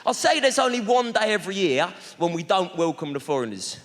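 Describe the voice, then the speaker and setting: This stand-up comedian, a London-accented man, trades cheeky slang banter with the audience from a theatre stage. His voice is high with big pitch swings and runs a little fast. The live theatre recording carries reverb and a loud crowd laughing and applauding.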